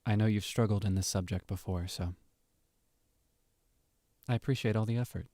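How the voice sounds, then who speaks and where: Creepy doting teacher, man doing the voice: quiet, gentle, unsettling, dry and close. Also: lowish voice, fairly even intonation, moderate pace, no room sound, lightly acted. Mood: softly creepy. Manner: gentle, hushed, lingering praise. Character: overly praising soft-spoken male teacher. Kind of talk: voice-over request reading.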